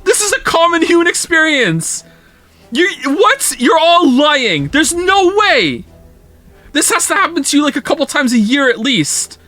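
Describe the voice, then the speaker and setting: A man's voice: extremely high pitch, very animated, unhurried, bright, forceful tone, no room sound, faint music behind. A man live-streaming a game, ranting at his chat in a casual, profane, incredulous way.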